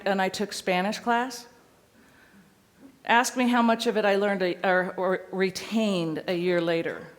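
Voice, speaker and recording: A woman dog trainer speaks to a seminar audience. Her voice sits at a middle pitch, and she teaches in a lively, playful way. Now and then she acts out what a dog would say.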